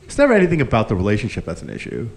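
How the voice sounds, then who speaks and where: A man's voice: on the low side, very fast, vocal fry. A man performing a live stand-up comedy set, telling stories and acting out the people in them. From grew up Indian. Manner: animated storytelling, acting out characters. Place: live comedy stage with audience. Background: audience laughter.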